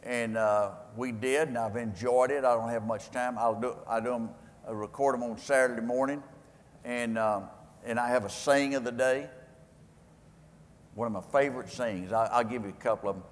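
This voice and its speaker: A man's voice: medium pitch, steady tone, moderate pace. An older man with a West Texas accent, telling folksy, rambling stories with homespun sayings to a live audience. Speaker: guest speaker. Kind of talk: storytelling talk to a live audience. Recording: echoey hall with faint ambience.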